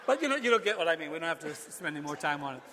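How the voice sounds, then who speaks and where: A man's voice: a little high, sing-song, very fast, pushed and bright, a little hiss or hum. Older male pastor preaching in a reverberant church. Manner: conversational preaching with frequent restarts. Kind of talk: sermon. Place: church sanctuary. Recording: long hall reverb.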